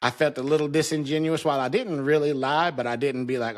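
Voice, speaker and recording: A man's voice: medium pitch, fairly quick, hardly any pauses. A man in his thirties or forties hosting a casual solo podcast, venting frankly and with heavy swearing, recorded alone in his home basement while talking to a camera. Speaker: podcast host.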